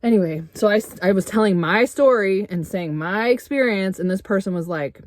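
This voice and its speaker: A middle-aged woman vlogging a heated, swearing rant with sarcastic rhetorical questions, getting loud at times. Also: medium pitch, normal speed, hardly any pauses, dry recording, studio quality. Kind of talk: angry personal rant to camera. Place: RV interior.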